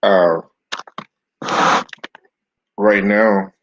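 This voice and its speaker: Casting note: very low, husky male host, relaxed live-stream sports chat, muffled lo-fi sound. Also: extremely slow, a little hiss or hum. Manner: loose, chatty, greets viewers by name.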